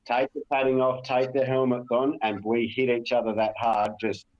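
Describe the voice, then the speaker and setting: A man's voice: medium pitch, flat delivery, moderate pace, muffled recording. A man with an Australian accent, co-hosting a casual chat, telling stories bluntly with lots of swearing. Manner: blunt, profane storytelling.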